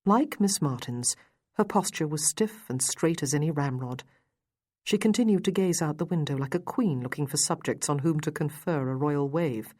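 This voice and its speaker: A woman reads a historical romance aloud in a steady, measured way. Her voice sits deep for a woman. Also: dry recording, studio quality. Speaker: audiobook narrator. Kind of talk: scripted narration.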